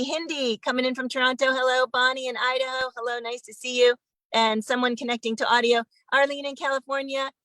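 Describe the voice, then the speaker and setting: A woman's voice: high-pitched, pushed and bright, no room sound, poor audio. Woman host greeting viewers on a call. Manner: greets viewers one by one, chatty. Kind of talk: online sing-along welcome. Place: video call. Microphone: phone.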